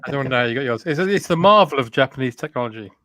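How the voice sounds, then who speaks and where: A man's voice: medium pitch, expressive, sharp tone, no echo. A British man co-hosting a casual video-call chat show, teasing and bantering. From Britain. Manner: jokey, teasing, quick banter. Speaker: podcast co-host.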